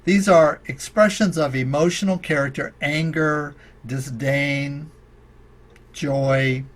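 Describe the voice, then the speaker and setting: Guy doing a podcast rant, kinda high voice for a man, slow and emphatic, hits the key words hard. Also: fairly even intonation. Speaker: podcast host and natural medicine college dean.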